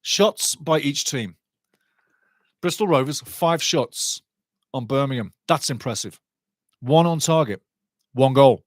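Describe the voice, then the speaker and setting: A man's voice: medium pitch, animated, takes it slowly, long pauses, dry recording. A man hosting a live football watch-along, chatting through scores and match statistics. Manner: chatty, reads out scores and stats.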